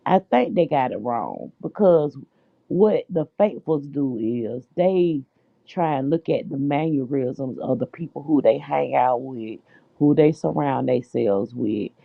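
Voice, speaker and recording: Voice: mid-range voice, animated, a little slow, vocal fry, no echo. A podcast host from the United States chatting casually and dishing reality-show gossip, calling listeners "child" and "honey.". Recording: dry, tinny phone-like line.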